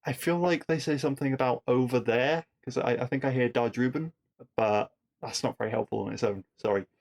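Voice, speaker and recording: A man's voice: mid-range voice, fairly even intonation, fast talker, gravelly, darkish tone. A man hosting a podcast, casually recapping a TV episode with wry asides and rhetorical questions.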